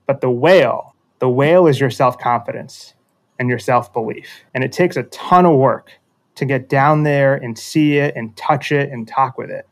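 Guy thinking out loud through a story, restarts a lot, medium pitch. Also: moderate pace. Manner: reflective, self-deprecating, frequent restarts. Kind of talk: casual storytelling in conversation.

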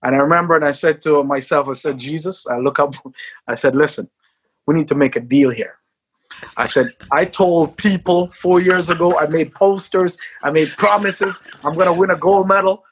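A man, a former sprinter, telling his life story in an interview, acting out quotes and shouting at the peaks. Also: on the high side, normal speed, husky.

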